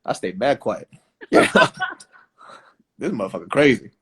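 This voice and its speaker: A man with a lowish, husky voice trades loose jokes with plenty of swearing in a casual chat. His pitch swings widely as he acts out what people said. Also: animated, moderate pace, a bit bright. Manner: laid-back, swearing, joking. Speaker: comedian guest. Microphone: phone on a live stream.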